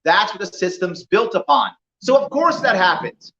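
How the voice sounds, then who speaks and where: Animated storytelling man in an echoey room. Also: high-pitched, moderate pace. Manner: animated storyteller who acts out dialogue. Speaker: political candidate speaking to a small crowd. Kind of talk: campaign talk with acted-out anecdotes. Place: indoor venue, roomy. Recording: echoey room, dull lo-fi sound.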